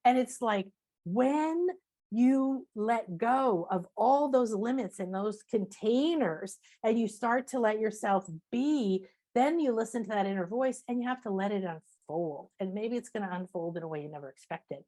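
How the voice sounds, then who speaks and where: A female spiritual teacher and author, guesting on a casual interview, speaks at normal speed in a slightly high voice. She's animated and emphatic, repeating phrases and acting out people's inner voices and self-talk.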